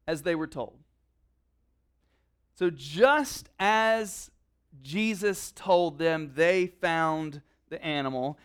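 A man preaching a casual sermon, reading scripture aloud and slipping into quiet conversational asides. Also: on the high side, clear, resonant tone. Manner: conversational, drops to quiet asides, many "like" fillers.

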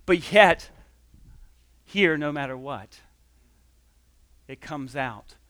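A man's voice: fairly high pitch, lively intonation, drawn-out words, a bit bright, no room sound. A man giving a conversational sermon as a pastor, telling a personal story with frequent restarts and quoted dialogue.

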